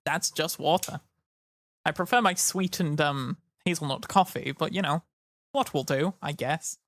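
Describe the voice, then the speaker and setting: A man's voice: a little high, a little slow, a bit bright. A tired man chatting casually to his live-stream audience, rambling and joking. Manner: rambling, jokey, slips into silly voices. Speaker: livestreamer.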